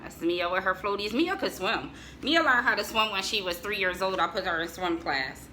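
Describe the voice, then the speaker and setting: Chatty woman with a bright voice. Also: medium pitch, animated, normal speed, slight background noise, low-quality recording. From United States. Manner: chatty, joking asides to viewers, laughs often. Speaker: vlogger showing family photos. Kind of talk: casual chat to viewers.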